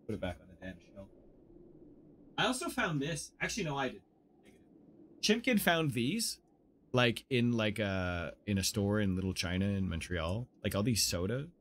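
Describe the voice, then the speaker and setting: A man, a game streamer in casual live-stream chat, gushing and excitable, with faint music behind him. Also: mid-range voice. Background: faint anime music.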